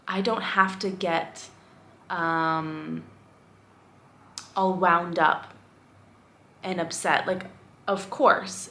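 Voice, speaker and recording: A woman's voice: fairly low pitch, creaky, a bit bright. Candid, rambling young woman vlogger. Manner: candid, rambling, self-reflective, with frequent fillers. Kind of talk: casual talking-head vlog.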